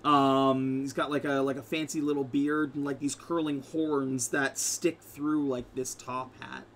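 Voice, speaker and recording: Slow, rambling man running a game. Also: mid-range voice, little pitch movement, fairly bright tone, a little hiss or hum. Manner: rambling, many fillers and restarts. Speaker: game master. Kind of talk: casual game narration.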